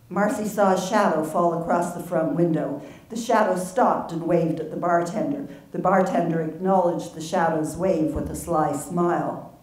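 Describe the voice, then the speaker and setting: Woman author reading her novel, low voice, far off in an echoey hall. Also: moderate pace, warm tone.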